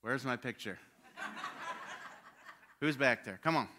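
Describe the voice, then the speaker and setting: A man preaching a sermon with passion, swinging from loud urging to hushed quiet. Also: medium pitch, expressive, slow pace, noisy background.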